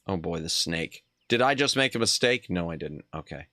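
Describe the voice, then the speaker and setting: A man's voice: sits low, animated, moderate pace, bright, forceful tone, no echo, clean studio sound. A man streaming a retro adventure game, thinking aloud in casual commentary and reading the game text aloud.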